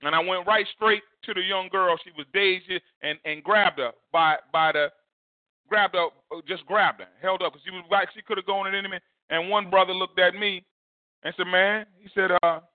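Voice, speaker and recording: A male pastor preaching a storytelling sermon, leaping high in pitch to act out a shouting crowd. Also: no room sound. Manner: animated, swings high to mimic a shouting crowd. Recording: dry, phone-like narrow sound.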